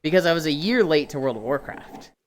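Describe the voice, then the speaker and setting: A woman's voice: sits low, fairly quick, slight background noise. Chatty woman in her thirties streaming. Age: 30s. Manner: animated, profane, chatty, greets viewers. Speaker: livestreamer. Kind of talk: casual storytelling to chat.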